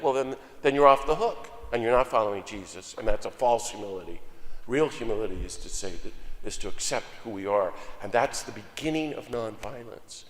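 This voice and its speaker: An older man preaching a lively, joking sermon as a guest speaker, swinging between loud exclamations and soft asides. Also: medium pitch, moderate pace. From United States. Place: church sanctuary. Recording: long hall reverb.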